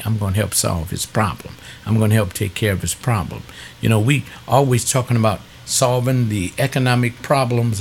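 A man with a low voice teaches scripture as a pastor, reading verses and talking them through in a loose, conversational way. He often repeats words while he preaches. Faint noise sits under the recording. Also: vocal fry. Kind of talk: call-in Bible teaching.

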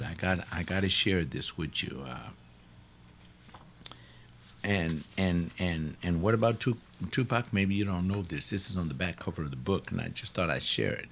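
A man's voice: sits low, moderate pace, slight background noise. A man who leads Bible studies, speaking informally in a blunt, emphatic, rambling way. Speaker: Bible study teacher. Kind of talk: informal teaching talk.

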